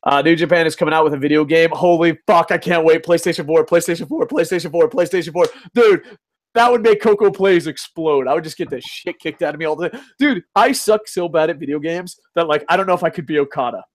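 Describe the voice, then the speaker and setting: A man's voice: on the high side, quick pace. A man hosting a casual live stream, reading chat, swearing and ranting, laughing often. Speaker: host.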